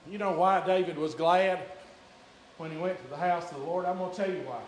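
A man preaching a sermon in a church, shouting in a chanting preaching cadence. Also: sits high, steady tone, fairly quick, a little hiss or hum. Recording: echoey church room.

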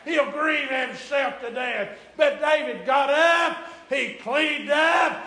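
A man preaching a sermon in a church, shouting in a chanting preaching cadence. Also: very high voice. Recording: echoey church room.

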